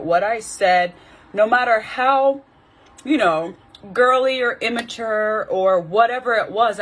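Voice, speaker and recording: A woman's voice: fairly low pitch, husky. A woman, a life coach, candidly telling a personal story to her viewers in a conversational way with many fillers. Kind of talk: casual personal storytelling to camera.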